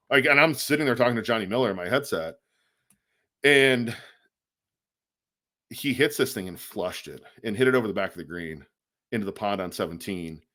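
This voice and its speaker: A man with a very deep voice co-hosts a casual podcast. He tells a long anecdote in a loose, chatty way, acting out the quoted lines and filling pauses with ums and likes. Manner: animated storyteller, acts out quotes, many fillers. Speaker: podcast co-host. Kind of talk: casual storytelling.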